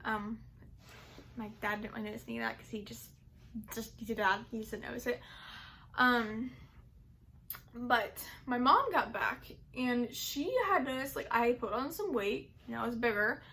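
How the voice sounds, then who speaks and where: A young woman vlogger recounts her own story in loose, chatty speech, her voice sitting a little high. She rambles, circling back with plenty of "like" and "um". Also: normal speed, vocal fry, sharp tone. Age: young adult. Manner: rambling, heavy use of "like" and "um". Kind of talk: casual personal storytelling.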